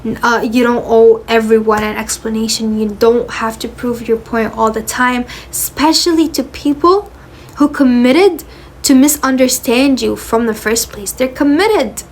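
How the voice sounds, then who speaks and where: A woman's voice: fairly high pitch, a little slow, a little hiss or hum. A young woman giving earnest, direct advice, repeating phrases for emphasis and calling the listener honey. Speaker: motivational creator. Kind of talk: direct-to-camera advice talk.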